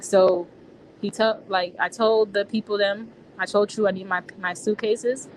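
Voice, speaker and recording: A woman's voice: mid-range voice, steady tone, unhurried, a little mellow, a little hiss or hum, rough recording. A woman being interviewed, recounting a personal experience in casual, slangy speech with frequent restarts.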